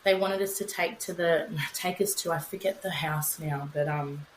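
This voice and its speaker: A woman's voice: lowish voice, steady tone, moderate pace, a little hiss or hum. Frank Australian woman in a roomy space. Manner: frank and emotional, swears freely, reenacts her own words. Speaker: guest. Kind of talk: candid conversational storytelling. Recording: roomy echo with faint ambience.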